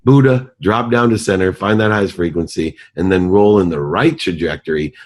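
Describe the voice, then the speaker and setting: A man's voice: sits low, normal speed. A man in his forties, a company CEO, telling a motivational story as a podcast guest with earnest, emphatic delivery.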